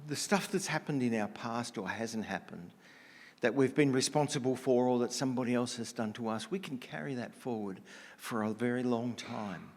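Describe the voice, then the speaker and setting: A man preaching a conversational sermon, telling stories in a relaxed, casual way with slang and frequent restarts. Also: medium pitch, moderate pace, big-room sound.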